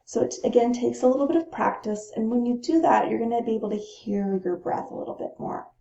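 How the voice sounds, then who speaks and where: Woman, breathing instructor, calm, gravelly mellow voice, roomy dull recording. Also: a little high, brisk. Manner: calm, demonstrates breaths between phrases. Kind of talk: gentle instructional talk.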